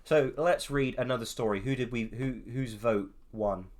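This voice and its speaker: A man's voice: mid-range voice, normal speed, darkish tone. A man from England chatting casually on a judging panel, rambling through anecdotes with lots of restarts. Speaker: judge on an art contest panel. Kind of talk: casual group chat.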